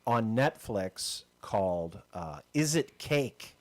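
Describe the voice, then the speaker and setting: A man's voice: lowish voice, expressive, takes it slowly, darkish tone. Chatty man telling a story on a podcast. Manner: storytelling, chatty, laughing asides. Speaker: podcast co-host. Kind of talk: casual chat.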